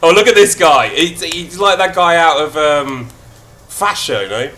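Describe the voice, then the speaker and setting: A man's voice: a little high, measured pace, sharp tone. A man streaming a strategy game, chatting playfully and reading event text aloud in shifting mock accents.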